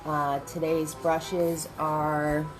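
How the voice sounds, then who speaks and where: A woman's voice: deep voice, little pitch movement, drawn-out words, low-quality recording. A woman hosting a livestream painting class, chatting with viewers and greeting them by name. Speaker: paint party instructor.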